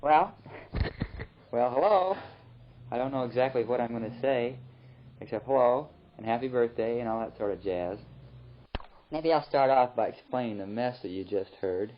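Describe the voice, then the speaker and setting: A young missionary man recording a rambling, relaxed spoken letter home in his flat. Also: mid-range voice, moderate pace, pauses often, a little hiss or hum. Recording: muffled old tape recording.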